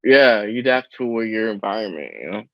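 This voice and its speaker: Low-ish southern florida guy hosting a podcast, laid-back and rambling, dry dull lo-fi sound. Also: expressive, brisk, no room sound. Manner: rambling, laid-back, trails off mid-sentence. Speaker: podcast host. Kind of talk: casual podcast chat.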